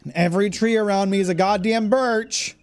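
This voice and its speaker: A man talking over his own gameplay in the exasperated, sarcastic way of a let's-play host. His voice sits a little high for a man, and he swears freely as he grumbles at the game. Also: steady tone, a little fast, soft background music. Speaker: gaming channel host.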